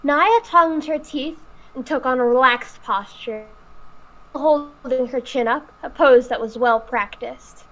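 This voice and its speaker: A woman's voice: high voice, fairly bright tone, rough recording. A woman hosting a live read-aloud of a novel, reading carefully with small slips. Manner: careful, slightly halting reading.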